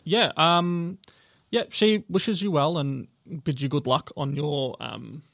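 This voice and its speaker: A man's voice: a little high, slow, creaky, a bit bright, no echo, studio quality. A man narrating a tabletop game as game master, loose and hesitant with many fillers.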